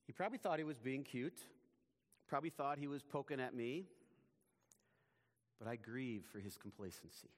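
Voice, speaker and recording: A man preaching a sermon as pastor, in a measured, emphatic way, his phrases often falling away at the ends. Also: mid-range voice, long reverb tail.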